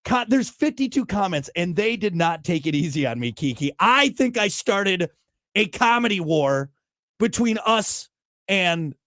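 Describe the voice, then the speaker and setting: A man hosting a podcast in casual chat, ranting with animated, mock-outraged energy. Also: sits high, unhurried, no room sound, studio quality. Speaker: podcast host.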